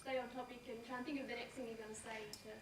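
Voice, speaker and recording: A woman's voice: on the high side, flat delivery, racing. A nervous woman introducing herself to a workshop group, hesitant and full of fillers. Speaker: workshop participant. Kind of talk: self-introduction. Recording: echoey room with faint noise.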